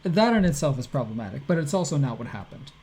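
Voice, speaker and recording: A man co-hosting a casual podcast chat, with a somewhat high and mellow voice. He talks in an animated way and reads tweets aloud dramatically in his own voice. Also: quick pace, husky. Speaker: podcast co-host.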